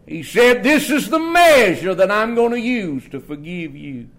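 A man preaching a sermon in a church in a folksy, drawn-out way, often dropping to a low murmur. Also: big pitch swings, a bit bright.

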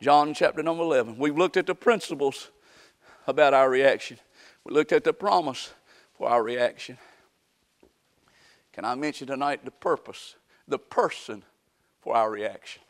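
A man preaching a folksy sermon that swings from quiet talk up to shouting. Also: mid-range voice, expressive, normal speed, long pauses.

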